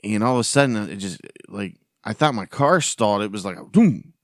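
A man's voice: fairly low pitch, lively intonation, brisk, dry recording, clean studio sound. A man hosting a podcast, telling a rambling, casual story with frequent restarts and casual swearing. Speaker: podcast host.

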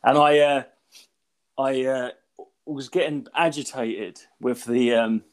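A man telling a rambling, animated anecdote in casual podcast chat, swearing freely. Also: mid-range voice, takes it slowly. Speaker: podcast co-host.

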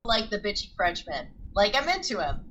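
A woman's voice: sing-song, moderate pace, a bit bright, low-quality recording. A woman co-hosting a podcast, chatting in a sarcastic, sweary way with big swings in her voice. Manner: sweary, sarcastic, swoops between high and low. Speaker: podcast co-host. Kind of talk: casual chat.

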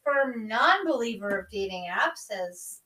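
Blunt, bright-voiced woman, a bit off-mic. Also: fairly high pitch, expressive, measured pace, distant mic. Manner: blunt, swears freely, frank reactions. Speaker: guest co-host. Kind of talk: casual chat.

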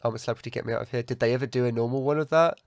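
A man's voice: medium pitch, steady tone, racing, gravelly, no room sound, studio quality. A man, telling rambling, self-correcting stories as a podcast co-host. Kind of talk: casual chat.

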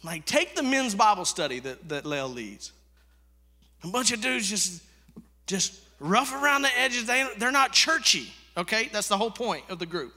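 Casting: male pastor preaching, very bright, ringing voice, long hall reverb. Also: high voice, big pitch swings, moderate pace. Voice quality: conversational, swings from hushed to loud. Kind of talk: sermon.

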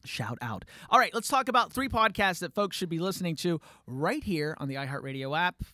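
Excitable man hosting a podcast. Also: sits high, brisk, dry recording, clean studio sound. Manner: excitable, self-deprecating. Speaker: podcast host. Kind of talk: casual studio chat. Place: podcast studio.

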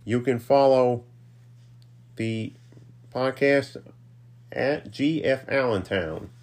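A man signs off his own podcast with a long run of shout-outs. He rambles, trips over his words and pokes fun at himself, dropping casual asides along the way. His voice sits at an ordinary middle pitch. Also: slow. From New York's Capital Region. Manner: rambling, self-deprecating, offhand asides. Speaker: podcast host.

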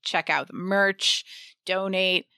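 A woman co-hosting a podcast in relaxed casual chat, laid-back and giggly, plugging links and recommendations. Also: mid-range voice, slow pace, clear, resonant tone, dry recording, studio quality. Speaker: podcast co-host.

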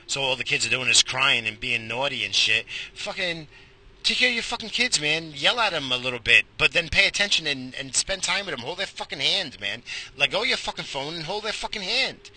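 A man ranting casually while driving, profane and loud in swings. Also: medium pitch, rough recording. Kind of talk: casual driving vlog rant. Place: car in traffic.

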